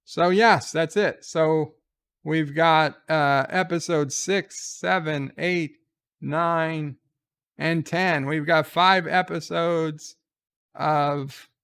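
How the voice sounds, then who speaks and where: A man's voice: a little high, vocal fry, fairly bright tone, smooth. A man giving casual reaction commentary on a trailer, sarcastic and exasperated as he gripes. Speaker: trailer reviewer.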